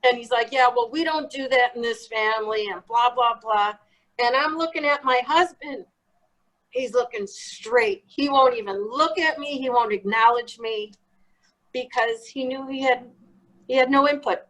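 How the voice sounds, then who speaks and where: A woman telling her own story in an interview, blunt and animated, swearing freely as she acts out what was said. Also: on the high side, a little slow, rough recording. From Chicago. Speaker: guest.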